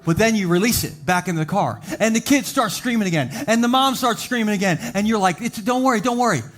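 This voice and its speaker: High-voiced pastor preaching to a live congregation. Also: male voice. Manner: humorous storytelling, animated voices for quoted characters; slows down to a deliberate, emphatic cadence when preaching. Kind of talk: sermon. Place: church sanctuary before a live congregation. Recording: live church service with faint background music.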